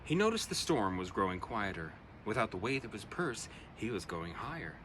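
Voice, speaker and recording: Bright-voiced man reading a rhyming tale. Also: lowish voice, normal speed, slight background noise. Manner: expressive, rhythmic rhyming delivery. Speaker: storyteller. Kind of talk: reading an original rhyming children's poem.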